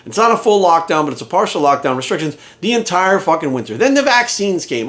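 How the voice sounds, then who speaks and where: A man's voice: a little high, sing-song, quick pace, hardly any pauses, fairly bright tone. A man in a heated, profane rant to camera, hammering his points home by repeating them. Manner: heated, profane, emphatic, repeats phrases for force. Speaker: fitness trainer and coach. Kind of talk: ranting monologue to camera.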